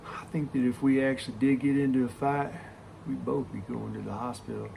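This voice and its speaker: A man putting on a blunt, gruff old workman who speaks in a low, matter-of-fact way. The voice is gravelly with a rough edge, at an ordinary pitch. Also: fairly even intonation, fairly quick, dark tone, a little hiss or hum, low-quality recording. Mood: confiding. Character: gruff old male coworker, dry and blunt.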